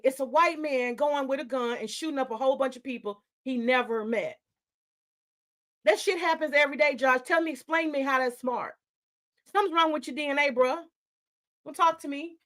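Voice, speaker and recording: A woman's voice: sits high, fairly bright tone. A woman hosting a livestream, ranting at her chat in a confrontational, profane way. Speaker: livestream host.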